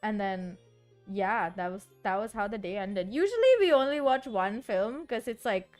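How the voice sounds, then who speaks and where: A young woman streamer with a medium-pitched, expressive voice chats casually at a moderate pace while composing music. She rambles, giggles often, and says "like" a lot, with soft music faintly audible in the background.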